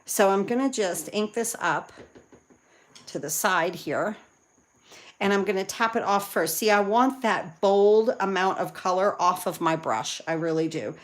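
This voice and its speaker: A woman's voice: mid-range voice, unhurried. Chatty woman doing a live card demo. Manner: chatty, excitable, talks to viewers while working. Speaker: card-making demonstrator and team leader. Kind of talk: live crafting demo chat.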